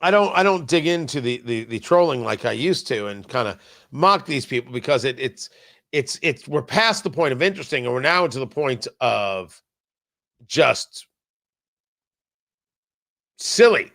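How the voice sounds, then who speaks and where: A man's voice: mid-range voice, animated, moderate pace, creaky, long pauses, fairly bright tone. A man hosting a political commentary show, sarcastic and exasperated, often stumbling over restarts. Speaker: talk show host.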